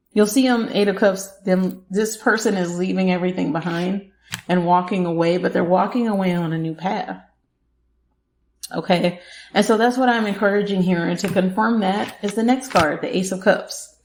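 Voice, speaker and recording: A woman's voice: mid-range voice, darkish tone. A woman hosting a podcast, giving a casual tarot reading and talking straight to the listener, laughing often. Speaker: podcast host, tarot reader. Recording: echoey room.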